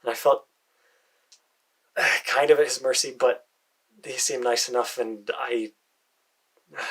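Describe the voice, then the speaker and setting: An American man narrates his own fantasy adventure in the first person, his voice husky and breathy. He talks in a hesitant way, with fillers and soft muttered asides. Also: medium pitch, low-quality recording. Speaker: storyteller.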